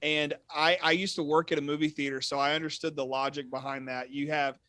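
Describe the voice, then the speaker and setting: An animated male guest from Texas with a slightly high voice, telling stories and slipping into mock voices. The sound is dry and close. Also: fairly quick, no echo. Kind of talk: casual chat.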